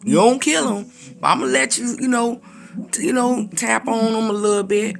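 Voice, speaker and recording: A man's voice: very high-pitched, moderate pace, creaky, a bit bright, pitched above the performer's own voice, full character voice. A man voicing God as an easygoing father figure who speaks in casual slang but sets firm limits. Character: easygoing fatherly God, proud of his servant.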